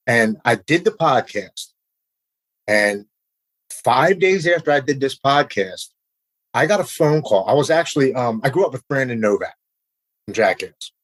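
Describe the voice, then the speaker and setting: A middle-aged American man, a podcast guest, telling his recovery story in an animated way and acting out the voices of the people he quotes. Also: medium pitch, no room sound, rough recording.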